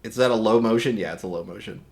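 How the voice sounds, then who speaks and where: A man hosting a livestream, talking casually and rambling with many restarts, his voice a little hoarse today. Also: lowish voice, fast talker. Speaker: livestream host. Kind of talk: casual stream chat.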